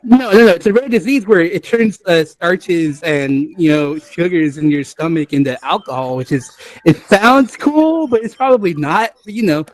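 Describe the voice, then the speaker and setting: High-voiced man hosting casually. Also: animated, moderate pace, no room sound. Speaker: talk show host. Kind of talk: casual chat and news segment. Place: virtual reality social app.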